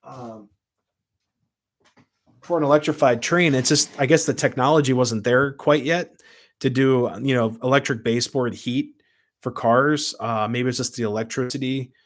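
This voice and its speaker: A man's voice: mid-range voice, steady tone, normal speed. A man casually hosting a live stream from home, rambling through his points and answering viewer comments as he goes. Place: home room with model trains. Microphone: camera mic at his desk.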